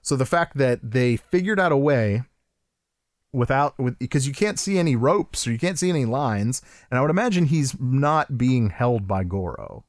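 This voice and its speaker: A man co-hosting a podcast in casual chat, animated and laughing often, with many restarts. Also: mid-range voice, moderate pace, dry recording, clean studio sound. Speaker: podcast co-host.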